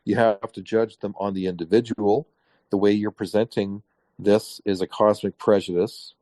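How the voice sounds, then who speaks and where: Canadian guy telling his story on a podcast, lowish voice, dry mic, does little voices for the people in it. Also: moderate pace, dry recording. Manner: animated storyteller, acts out quoted voices. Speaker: guest. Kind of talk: casual interview storytelling.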